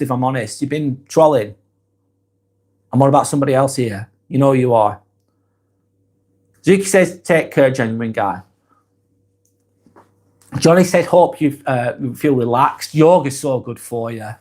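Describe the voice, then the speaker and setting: Chill guy reading out comments on his livestream, easygoing, voice drops off at the ends of sentences. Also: on the high side. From England. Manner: laid-back, chatty, trails off softly at phrase ends. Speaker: live-stream host. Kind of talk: casual live-stream chat reading comments.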